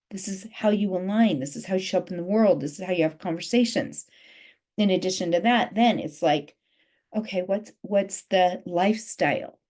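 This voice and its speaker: A woman's voice: medium pitch, darkish tone. Woman life coach, emphatic, repeats key phrases, video-call audio. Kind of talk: motivational talk on a group call.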